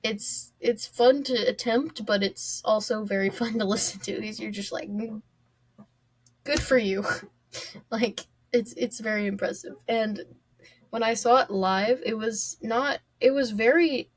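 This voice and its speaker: A woman's voice: a little high, a little slow. A young adult woman hosting a solo podcast, talking casually and rambling with lots of fillers and small laughs. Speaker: podcast host.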